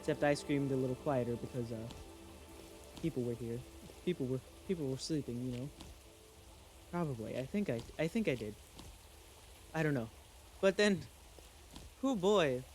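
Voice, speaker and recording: A man casually telling a spooky story in an excitable, halting way, full of restarts and exclamations. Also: medium pitch, faint music behind. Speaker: channel host.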